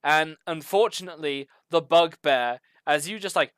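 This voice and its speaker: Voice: mid-range voice, normal speed, fairly bright tone, clean tone, no echo. A game master running a tabletop game, describing the action in loose narration full of fillers.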